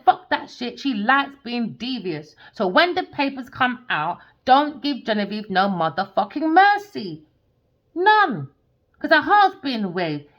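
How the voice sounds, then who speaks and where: Tarot reader, young woman, fiery and profane, voice leaps high then drops low. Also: muffled recording. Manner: swearing, confrontational, sharp shifts between loud outbursts and low muttering. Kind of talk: angry tarot rant.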